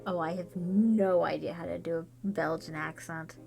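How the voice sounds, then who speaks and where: A woman's voice: fairly low pitch, steady tone, normal speed, creaky, dark tone, faint music behind. A woman streaming a game, chatting casually with offhand, joking asides. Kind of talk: casual let's-play chat.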